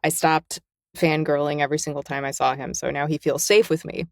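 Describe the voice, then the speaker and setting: A woman's voice: deep voice, fairly quick, creaky, dry recording, studio quality. A middle-aged woman, a guest narrator and novelist, telling stories in a candid podcast chat and acting out the quotes. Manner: animated storyteller who acts out quotes.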